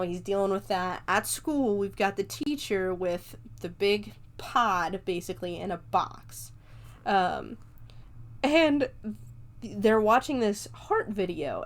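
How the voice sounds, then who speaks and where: A woman hosting a podcast, recapping a film in a chatty, rambling way, swearing casually and laughing often. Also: mid-range voice. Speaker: podcast host reviewing a film.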